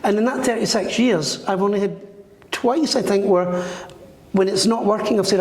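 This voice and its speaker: A man's voice: sits high, normal speed. A man talking as a guest in an interview, telling stories and acting out the voices of the people in them. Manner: animated, acts out the voices in his stories. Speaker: psychic medium guest. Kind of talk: storytelling in a podcast interview. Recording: roomy with long reverb.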